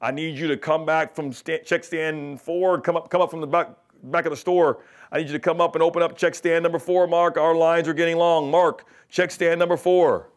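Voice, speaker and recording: A man voicing an excited male store manager paging a worker over the store's PA, repeating the same call. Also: on the high side, a little fast, few pauses, voice pushed up, natural voice.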